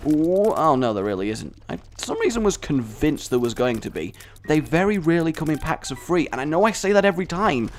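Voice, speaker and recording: A man's voice: on the high side, sing-song, a little fast. A young man giving casual, jokey, self-deprecating commentary while playing a video game. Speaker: gameplay commentator. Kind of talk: casual let's-play commentary.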